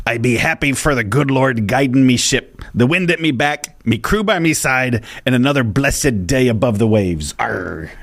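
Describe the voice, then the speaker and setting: A man voicing a salty old male pirate, reading his lines with a gruff growl at the end. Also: mid-range voice, normal speed, hardly any pauses, fairly bright tone. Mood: hearty.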